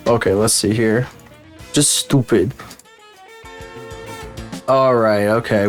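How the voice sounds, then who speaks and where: A man with the flu chats loosely on his livestream, swearing often and ranting in disbelief. His voice sits in an ordinary middle pitch. Faint music plays underneath. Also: lively intonation, slow pace, pauses often. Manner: profane, rambling, incredulous rants. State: sick with flu. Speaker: streamer. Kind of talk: casual livestream chat.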